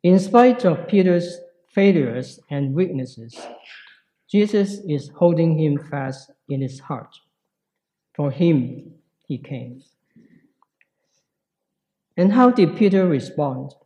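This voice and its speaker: A man preaching a sermon in a slow, reflective way with pauses. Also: a little high, animated, warm tone, poor audio.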